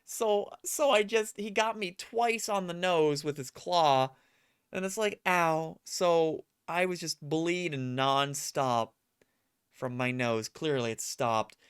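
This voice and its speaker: This adult streamer speaks slowly in a clear, resonant mid-range voice with fairly even intonation. Chatting casually with viewers, they ramble through stories, perform the quotes, and mock themselves.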